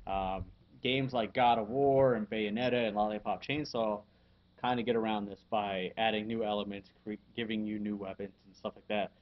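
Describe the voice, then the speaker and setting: A man hosting a casual podcast and reviewing a video game. He talks in a halting way, with lots of fillers and frequent chuckles. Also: fairly low pitch, steady tone, dull audio.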